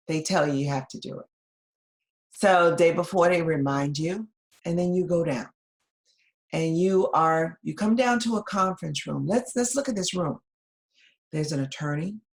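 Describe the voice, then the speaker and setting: A woman presenting a webinar in a fairly low voice. She talks to her listeners directly and conversationally, often checking in with "right?" as she walks them through a case. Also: a little slow, vocal fry, long pauses. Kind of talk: webinar lecture.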